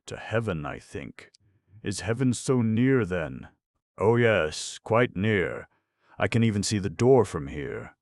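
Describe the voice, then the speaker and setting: A man's voice: lowish voice, big pitch swings, slow pace, darkish tone, no echo, studio quality, pitched above the performer's own voice, heavily acted. A man voicing a tender young woman coaxing frightened children with a story, in an audiobook reading. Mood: soothing. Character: gentle young woman soothing trapped children.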